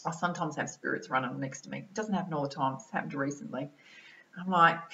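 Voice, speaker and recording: An Australian woman, a mind-body-soul balance coach, giving an energetic, chatty motivational talk to camera and tacking "right?" and "yeah?" onto her sentences. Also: low-pitched, fast, reverberant, highs cut off. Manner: energetic, chatty, keeps adding tag questions like "right?" and "yeah?".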